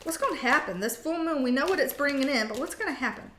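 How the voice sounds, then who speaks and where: A woman with a slightly high voice gives a casual tarot reading. She is blunt and sassy and swears playfully. Her voice carries a roomy echo. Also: animated, fast, a bit bright, slight background noise. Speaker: tarot reader.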